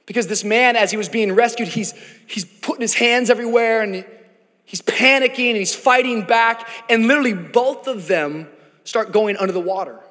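A pastor preaching a sermon to his church, dramatic and building to shouts. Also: high-pitched, normal speed, big-room sound. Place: large church hall.

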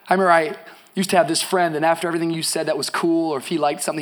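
A man with a high voice preaching a sermon at a church service. He tells stories quietly and then rises to ringing, shouted declarations, with big swings in loudness across his delivery. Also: racing. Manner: animated preaching, swinging between shouts and soft storytelling. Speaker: pastor.

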